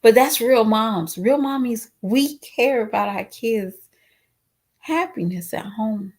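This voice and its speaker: Woman, vlogger, slow and deliberate, outspoken, emotional, speaks to viewers. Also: a little high, expressive, darkish tone. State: tearful, voice cracking. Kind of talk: casual commentary vlog.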